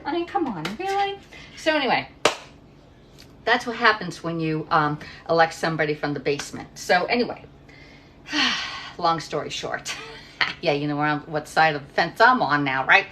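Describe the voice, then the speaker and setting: A woman's voice: low-pitched, animated, moderate pace, long pauses, pushed and bright, slight background noise. Chatty middle-aged woman cooking live. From Pennsylvania. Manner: chatty, reads viewer comments aloud, rambles off topic. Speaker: livestream cooking host. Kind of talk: casual chat while cooking. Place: home kitchen.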